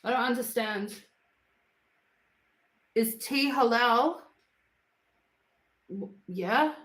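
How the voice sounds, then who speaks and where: A woman's voice: fairly high pitch, very slow, a bit bright, roomy sound, poor audio. An Australian woman from Queensland chatting bluntly on a home livestream, answering viewer comments. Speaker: livestream host. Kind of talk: casual livestream chat. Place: home, indoors.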